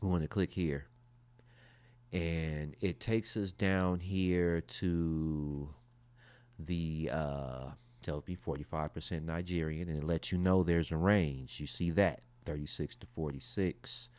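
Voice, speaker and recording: A man's voice: rumbling low, steady tone, takes it slowly, a little mellow, clear, resonant tone, no room sound. A man from the United States talking casually as he reacts to his results, with slangy asides in a laid-back, conversational way. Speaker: vlogger.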